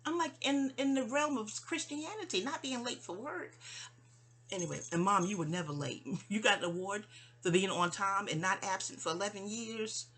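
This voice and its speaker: A woman from New York speaking in a rambling, digressive personal monologue addressed to her mother, full of restarts and asides, often dropping soft. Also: medium pitch, moderate pace. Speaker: vlogger.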